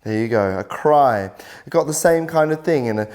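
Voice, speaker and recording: A male vocal coach talks through singing techniques in a friendly, encouraging tone. His pitch sits in the middle range. He explains each point clearly, one step at a time. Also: lively intonation, normal speed, darkish tone. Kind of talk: video workshop instruction.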